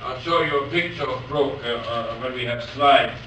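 A man giving a university lecture, reading poetry aloud slowly and otherwise talking haltingly with many pauses. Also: mid-range voice, bright, forceful tone. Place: lecture hall. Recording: echoey hall from far off, faint noise.

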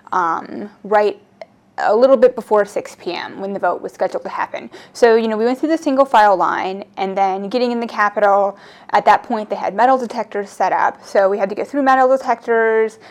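A young woman, recounting events in an oral history interview, reflective and measured, with frequent ums and restarts. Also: mid-range voice.

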